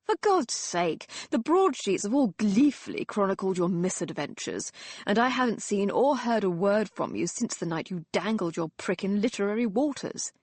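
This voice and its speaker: A woman voicing a drunken, mocking young Victorian gentleman who talks loudly and slurs his words. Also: mid-range voice, lively intonation, normal speed, no echo, natural voice. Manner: loud, slurring, teasing.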